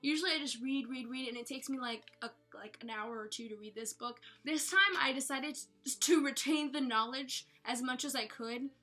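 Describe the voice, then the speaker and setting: A woman's voice: sits high, moderate pace, hardly any pauses, bright, forceful tone. A woman giving a casual, chatty book review at home. She rambles playfully and corrects herself as she goes. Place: room at home with bookshelves. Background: faint background music.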